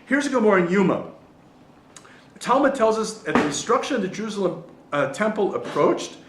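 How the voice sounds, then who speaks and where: Animated rabbi teaching in an echoey hall. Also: male voice, high-pitched, brisk, noisy background. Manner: animated storyteller, tells jokes and acts out voices. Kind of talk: Torah class lecture. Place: study hall in Jerusalem.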